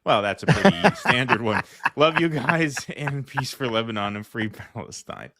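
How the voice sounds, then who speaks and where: A man's voice: mid-range voice, animated, moderate pace, creaky, sharp tone, no echo. A man co-hosting a casual livestream, reading viewer comments aloud in a dry, sardonic way.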